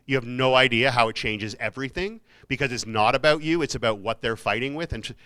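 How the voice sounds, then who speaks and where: A keynote speaker with a medium-pitched, pushed, bright voice talks quickly in a university hall. His motivational talk to students is casual and jokey, full of self-mocking asides.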